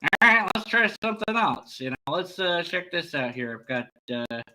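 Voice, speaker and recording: Bright, lively man rambling to camera. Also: sits high, normal speed, low-quality recording. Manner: rambling, many fillers and restarts. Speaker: YouTuber. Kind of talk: casual vlog monologue.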